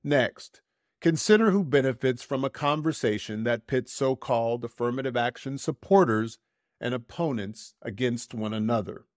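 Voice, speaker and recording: A podcast host, a man, reads a prepared commentary in a steady middle register. He is deliberate, slowing right down on the words he wants to land. The sound is dry and close, with no room in it. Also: medium pitch, no echo. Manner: measured, deliberate, slows to stress key words. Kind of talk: reading a prepared essay.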